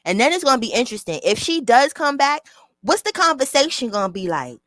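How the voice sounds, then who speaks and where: A woman's voice: sits high, big pitch swings, a little fast, fairly bright tone, dry recording. A woman hosting a casual livestream, talking bluntly and with plenty of profanity straight to her chat through a small mic near her mouth. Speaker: channel host.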